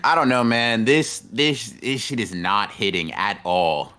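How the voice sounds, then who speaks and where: A man's voice: lowish voice, unhurried, sharp tone. A young man co-hosting a podcast in a laid-back, rambling way, full of fillers and slang. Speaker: podcast co-host. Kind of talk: casual chat.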